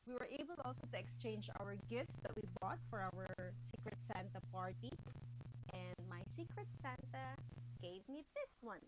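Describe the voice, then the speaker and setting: A woman's voice: mid-range voice, very animated, normal speed. A woman telling a story in a cheerful, chatty vlog. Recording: noisy background.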